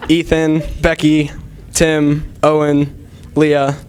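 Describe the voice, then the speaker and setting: A young man in his late teens, a graduating student, speaking brisk and matter-of-fact. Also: fairly high pitch, monotone, darkish tone, smooth.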